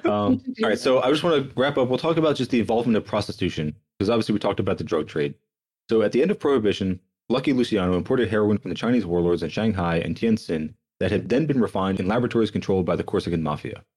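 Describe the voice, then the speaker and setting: Fast-talking husky young man reading notes. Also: lowish voice, expressive, a little mellow. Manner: quick, sardonic, swears in asides. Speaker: podcast host. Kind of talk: reading history notes aloud with casual asides.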